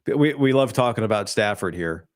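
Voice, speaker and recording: A man's voice: lowish voice, animated, fairly quick. A man hosting a solo sports talk show, opinionated and hedging, with frequent restarts.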